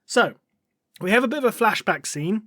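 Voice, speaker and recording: A man's voice: high-pitched, expressive, normal speed, sharp tone, no room sound, clean studio sound. A man on a podcast, casually retelling a story with playful swearing. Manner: playful, swears, acts out characters in quoted dialogue. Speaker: podcast co-host.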